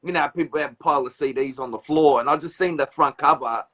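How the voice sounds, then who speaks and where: A man in his forties with an Australian accent and a fairly high voice. As host, he chats in a rambling, excited way and swears freely. He talks over a video call. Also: fast, breathy edge. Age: 40s. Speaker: show host. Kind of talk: casual interview chat.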